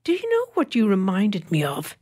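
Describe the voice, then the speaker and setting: A woman's voice: mid-range voice, wildly swooping pitch, moderate pace, a little mellow, slightly rough. A woman voicing a chatty, practical older housewife who rambles homely memories.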